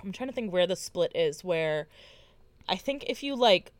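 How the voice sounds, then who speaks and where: A woman co-hosting a podcast, walking through story options in a relaxed casual chat while thinking aloud. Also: on the low side, normal speed, no echo. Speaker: podcast co-host. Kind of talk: casual book-discussion chat.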